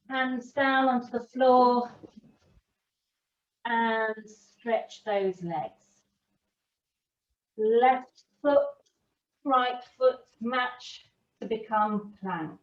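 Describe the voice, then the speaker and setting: A woman teaching a children's yoga class and giving gentle, encouraging instructions to young kids. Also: on the high side, recorded from a distance, muffled recording. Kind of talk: guiding a kids' yoga class.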